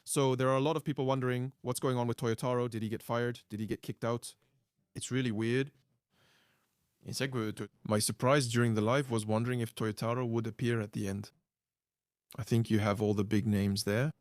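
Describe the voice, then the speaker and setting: A man's voice: medium pitch, fairly even intonation, fairly quick, clear, resonant tone, no echo, clean studio sound. A man co-hosting a podcast in casual chat, easygoing, explaining things at length. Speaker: podcast co-host.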